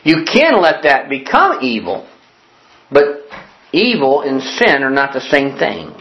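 A male pastor delivering a sermon after an opening prayer, reading scripture aloud and repeating key definitions slowly for emphasis. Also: mid-range voice, very animated, muffled recording. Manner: reads scripture aloud with pauses for note-taking.

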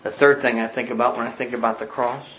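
A man preaching a sermon with passion, dropping to a hush and then soaring and crying out. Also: medium pitch, steady tone, fast, muffled recording, a little hiss or hum. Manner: impassioned, swinging from hushed to soaring.

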